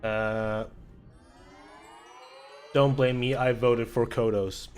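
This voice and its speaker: A man's voice: medium pitch, flat delivery, drawn-out words, faint music behind. A young man chatting casually while playing a game on a charity stream, rambling and swearing, with lots of restarts. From Sweden. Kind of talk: casual livestream chat while gaming.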